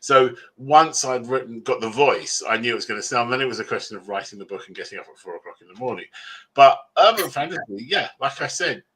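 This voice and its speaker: Bright, husky man, self-mocking. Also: medium pitch, expressive, fast. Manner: rambling, self-mocking, laughs often. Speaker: author guest. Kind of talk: convention panel interview. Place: convention panel room.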